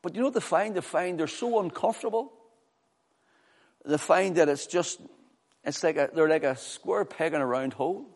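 A man preaching a sermon with fervor, swinging from loud, high exclamations to low, quiet scripture reading. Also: moderate pace. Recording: long hall reverb.

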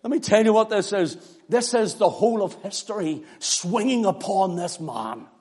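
A man preaching an impassioned sermon, swinging from loud exclamations to hushed near-whispers. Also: high-pitched, animated, normal speed, slightly rough. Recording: echoey hall reverb.

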